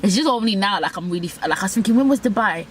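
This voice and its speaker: A woman's voice: mid-range voice, animated, rapid-fire, slight background noise. A young woman telling a candid story, blunt, profane and self-mocking. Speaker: vlogger.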